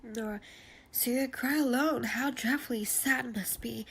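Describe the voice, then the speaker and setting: Playful young wife, read by a woman in a soft gravelly voice, a bit higher, stuffy nose, faint hiss. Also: moderate pace. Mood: eager.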